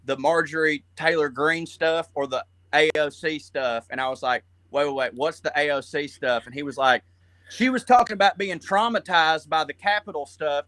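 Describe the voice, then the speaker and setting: A guest comedian from Georgia speaks with a Southern accent in a casual chat, rambling and swearing as he tells animated stories. His voice is fairly high, recorded with no room sound.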